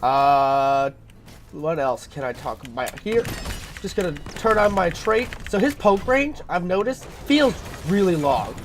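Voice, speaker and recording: A man commentating his own gameplay in a casual, rambling way, full of fillers and throat-clearing because he is sick. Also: fairly high pitch, very animated, unhurried, slight background noise. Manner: rambling, filler-heavy, thinking aloud.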